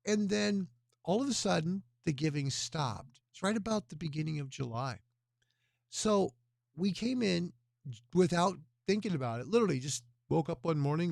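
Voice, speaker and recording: Male livestream host, earnest rambling appeal, gravelly, dry and close. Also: on the high side, animated, moderate pace, a little mellow, no echo. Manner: rambling, earnest, talks with his hands.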